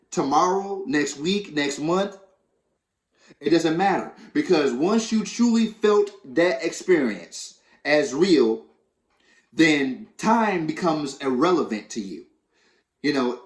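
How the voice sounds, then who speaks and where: A man coaching his viewers in a conversational way, often repeating himself and filling pauses. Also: on the high side, roomy sound. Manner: conversational, repeats phrases, many fillers. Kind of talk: teaching talk to viewers.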